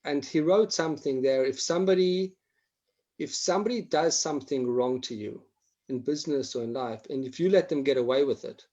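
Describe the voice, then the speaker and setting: A man's voice: medium pitch, brisk, darkish tone, highs cut off. A man teaching a Torah class online, acting out examples and often restarting his sentences.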